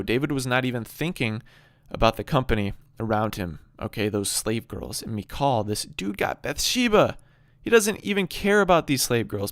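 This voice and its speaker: A man's voice: mid-range voice, no room sound, studio quality. Male commentator, preachy and emphatic, repeats his points, ordinary mid-range voice. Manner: emphatic, rhetorical questions, repeats phrases. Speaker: video commentator on Bible stories. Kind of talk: preachy monologue.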